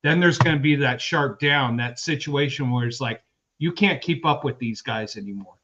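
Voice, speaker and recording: A man's voice: mid-range voice, moderate pace, fairly bright tone, lo-fi sound, a little hiss or hum. A man in his fifties co-hosting a sports podcast, rambling through personal anecdotes in casual chat. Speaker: podcast co-host.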